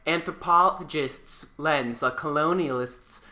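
A woman's voice: low voice, a little slow, sharp tone. A woman on a comedy panel, arguing indignantly in an improvised chat and rambling through long comparisons.

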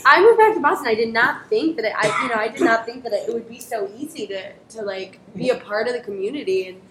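A woman who performs improv, telling stories in a casual interview, animated and swearing freely. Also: quick pace, a crowd in the background. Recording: echoey room with faint rumble.

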